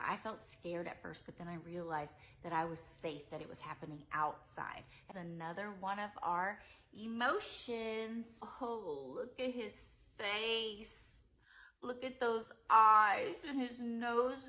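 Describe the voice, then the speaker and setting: Young female preschool teacher, bright tone, gentle sing-song delivery for toddlers. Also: mid-range voice. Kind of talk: demonstration lesson for young children.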